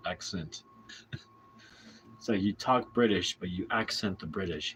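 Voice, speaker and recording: A man's voice: sits low, a little slow, a little hiss or hum. An American man chatting casually in a late-night vlog, answering his chat in a playful, rambling way and laughing often.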